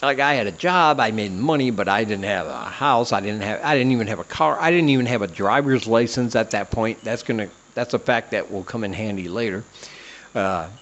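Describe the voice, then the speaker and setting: A man's voice: on the low side, fairly quick, a bit bright, dull audio. A man hosting a comedy podcast, telling a self-deprecating personal story in a rambling way, with many "uh" fillers. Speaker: podcast host.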